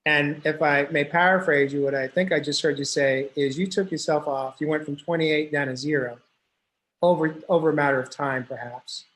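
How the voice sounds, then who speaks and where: A man hosting an interview podcast who speaks in a halting, careful way and paraphrases his guest. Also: on the high side, steady tone, a bit bright, rough recording. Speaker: podcast host.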